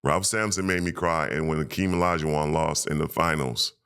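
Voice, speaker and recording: Low-voiced guy on a podcast, ex-hooper, gets emotional telling stories, acts out what people said. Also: a little fast, clean tone. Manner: emotional, animated storyteller acting out quotes. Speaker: former pro basketball player, guest. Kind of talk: casual storytelling interview.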